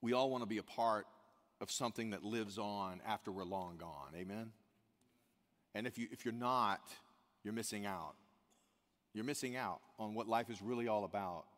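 A man's voice: fairly low pitch, moderate pace, pauses often, fairly bright tone. A man preaching a church sermon, earnest and repeating key phrases for emphasis. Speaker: pastor. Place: church service. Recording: long hall reverb.

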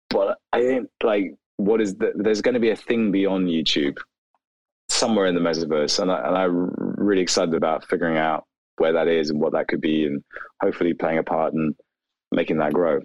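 A man, a video creator, talking casually in an interview with many "like" fillers and animated asides. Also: low-pitched, normal speed, no room sound, low-quality recording. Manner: rambling, animated, lots of "like" fillers.

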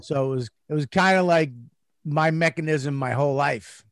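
A man's voice: on the high side, moderate pace, dry recording. A man who grew up in Massachusetts, a comedian telling rambling, profane stories in casual conversation. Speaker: comedian guest. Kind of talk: casual storytelling chat.

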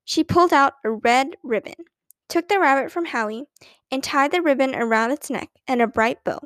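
High-voiced woman narrating a children's story. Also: moderate pace, a bit bright, no echo. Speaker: audiobook narrator.

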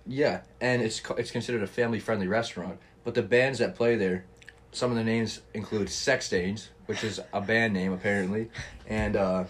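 Laid-back young man, low voice. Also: steady tone, moderate pace. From Canada. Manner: laid-back, swears freely, laughs often. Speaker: podcast host. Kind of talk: casual chat.

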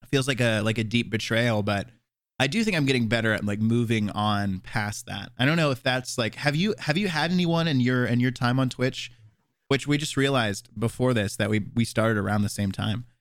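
A young man in a relaxed, reflective chat, with a middle pitch and easy filler words. The recording is close and dry with no room sound. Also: moderate pace, dry recording. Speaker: Twitch streamer. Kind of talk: casual conversation.

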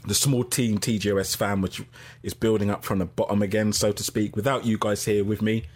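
A middle-aged man hosting a casual live-stream podcast, reading out chat and giving shout-outs. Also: fairly low pitch, little pitch movement, a little fast. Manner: chatty, gives shout-outs, laughs easily.

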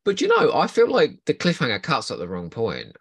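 A man's voice: medium pitch, brisk, husky, dry recording. A man in casual podcast chat, his voice swinging up and down with animation. He sounds keen and a little teasing. The recording is dry and close. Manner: enthusiastic, teasing, lively delivery. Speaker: podcast co-host.

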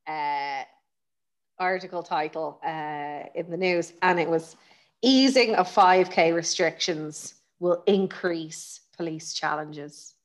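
A woman's voice: on the low side, slow pace. Wry, teasing Irish woman. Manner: wry teasing banter with swearing and laughs. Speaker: podcast co-host. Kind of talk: casual chat.

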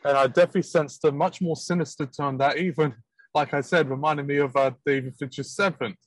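A man's voice: a little high, steady tone, fairly quick, no room sound, poor audio. A British man co-hosting a casual chat, rambling and joking, now and then slipping into mock accents. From Britain. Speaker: podcast co-host.

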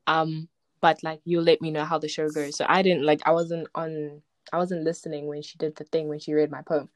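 Speaking briskly in a low voice with no echo, a young poet recounts her story during a relaxed interview. She's animated, performing the voices of people she quotes, with plenty of "like" and laughter.

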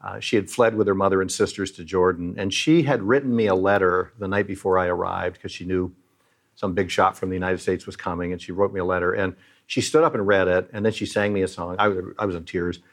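A man's voice: low-pitched, fairly even intonation, fast talker. A middle-aged man who leads a Christian aid charity, speaking earnestly and like a preacher as he tells moving stories in an interview.

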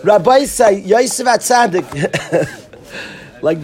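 A man's voice: very high-pitched, measured pace. A man, a rabbi, giving a casual Torah class to students in a room, telling stories animatedly, acting out quotes and laughing often.

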